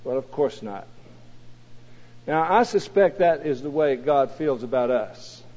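A man preaching a sermon, swelling to emphatic peaks on scripture and dropping low and soft for asides. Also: lively intonation, measured pace. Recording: dull lo-fi recording in a reverberant hall.

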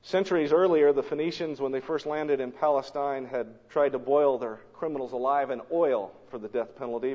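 A man preaching a sermon in a dramatic storytelling manner, swinging between loud and hushed, recorded in a church or large hall. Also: mid-range voice. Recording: long hall reverb, dull lo-fi sound.

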